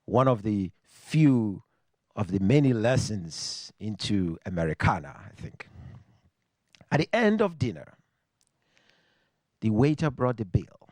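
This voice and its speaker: A man from Nigeria with a Nigerian accent, telling a personal story on stage to a live audience in a reflective, wry way with dramatic pauses. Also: lowish voice, sing-song, darkish tone, no room sound.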